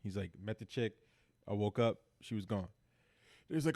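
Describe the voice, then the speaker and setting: A man co-hosting a podcast, excitedly retelling a TV episode in casual chat, acting out the characters and swearing freely. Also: fairly low pitch, normal speed. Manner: animated storyteller acting out characters, heavy swearing. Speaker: podcast co-host.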